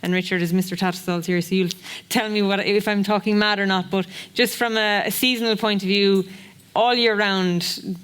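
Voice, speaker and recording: A woman speaks on a seminar panel in a smooth, clear voice that stays fairly flat in pitch. She is frank and puts questions back to the room. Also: normal speed.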